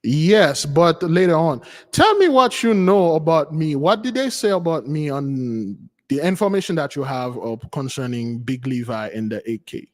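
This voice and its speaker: Host, male, a bit high-pitched, halting delivery full of fillers, long hall reverb. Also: expressive. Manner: halting, many fillers, trails off. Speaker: channel host. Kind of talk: casual talk with an AI.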